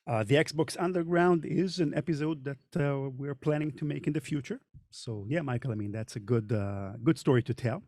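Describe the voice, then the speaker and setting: A man's voice: medium pitch, moderate pace, darkish tone, no echo, clean studio sound. A middle-aged man with a Hebrew accent hosts a podcast chat, talking in a thoughtful way with frequent hesitations. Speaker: podcast host and narrator. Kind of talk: casual panel chat. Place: recording studio.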